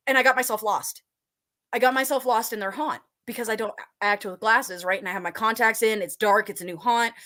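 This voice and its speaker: A woman's voice: on the high side, fairly even intonation, fairly quick, sharp tone. A woman guest, a haunt actor and burlesque performer, telling stories in casual chat, giggly and rambling, swearing freely.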